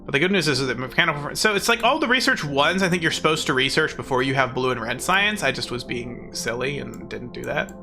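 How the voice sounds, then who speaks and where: A man's voice: mid-range voice, animated, brisk, creaky, hardly any pauses, sharp tone, soft background music. A young man streaming a game, rambling in casual, goofy, self-mocking chatter.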